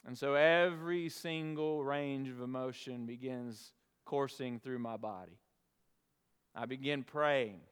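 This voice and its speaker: A pastor telling a personal story in his sermon, earnest and measured, with dramatic pauses. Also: medium pitch, clean tone. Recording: long reverb of a large hall.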